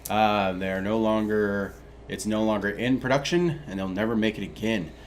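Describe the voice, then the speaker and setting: Laid-back young man, low voice. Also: moderate pace, a little hiss or hum. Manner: laid-back, blunt, swears freely. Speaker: co-host. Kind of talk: casual gaming news chat.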